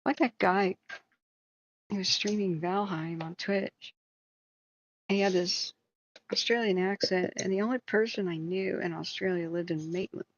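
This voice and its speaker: A woman's voice: medium pitch, measured pace, pauses often, dull audio, slight background noise. A woman host on a live stream, telling a long self-deprecating story in a rambling way with many fillers. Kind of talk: casual storytelling.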